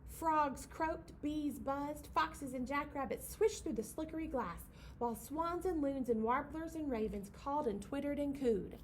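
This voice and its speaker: A woman's voice: high voice, unhurried, slight background noise. A young woman leading a library storytime for babies, reading a picture book aloud in a playful sing-song way and acting out the animal sounds.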